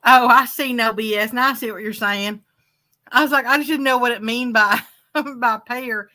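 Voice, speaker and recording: A woman's voice: a little high, fairly even intonation, normal speed, pushed and bright. A woman from Arkansas hosting a casual fishing livestream, chatty and giggly. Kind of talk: casual chat.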